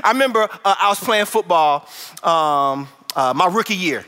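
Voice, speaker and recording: A man from Chicago preaches with a high, bright, ringing voice, and tells his stories with lots of animation. The sound carries the long reverb of a large church hall. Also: normal speed, clean tone. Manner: animated storytelling, acts out voices. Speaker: pastor. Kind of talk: sermon.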